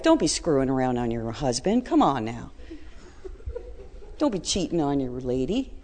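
A middle-aged woman telling a personal story in a blunt, colloquial, animated way. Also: low-pitched, normal speed, long reverb tail.

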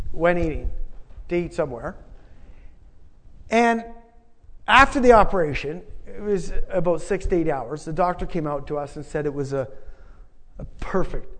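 A man's voice: a little high, a little slow, pauses often, fairly bright tone. A middle-aged man preaching a testimony, telling a family story in an emphatic, conversational way with repeated phrases. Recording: long reverb of a large hall.

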